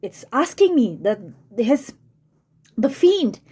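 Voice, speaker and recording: Woman teacher, high-pitched voice, lively rising and falling tone, explaining line by line. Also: slightly rough. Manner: explains slowly, repeating and rephrasing key words. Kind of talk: literature lesson explaining a play.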